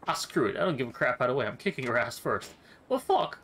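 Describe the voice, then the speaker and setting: A man's voice: mid-range voice, big pitch swings, quick pace, a bit bright, a little hiss or hum. A man streaming a game live, giving casual commentary that is full of swearing. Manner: profane, casual.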